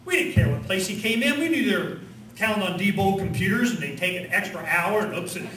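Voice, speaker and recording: A man giving an animated rally speech at a conference, firing off rhetorical questions and leading chants. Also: high-pitched, fast, a little hiss or hum. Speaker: conference speaker. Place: conference hall with audience. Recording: echoey hall, distant mic, crowd.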